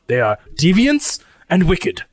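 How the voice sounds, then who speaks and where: A man's voice: sits high, huge pitch swings, takes it slowly, husky, dry recording, full character voice. A man doing a proud, formal robot chef. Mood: indignant. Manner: formal, dramatic, easily wounded.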